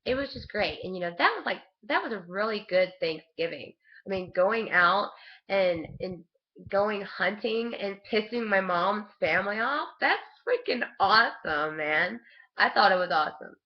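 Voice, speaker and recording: A woman's voice: medium pitch, lively intonation, normal speed, dull audio. A woman telling a rambling family story to her webcam, casual and chatty, with frequent restarts and laughs. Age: adult with a young son. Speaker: vlogger.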